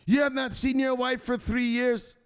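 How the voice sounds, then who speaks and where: A man's voice: very high-pitched, level tone, normal speed, smooth, long reverb tail, pitched above the performer's own voice. A man voicing a mother who theatrically pleads with her son to come up from downstairs. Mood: pleading.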